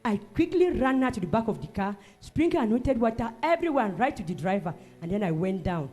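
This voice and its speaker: A woman from Cameroon, giving an emotional church testimony and breaking into loud shouted praise. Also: fairly high pitch, very animated, quick pace. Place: church service.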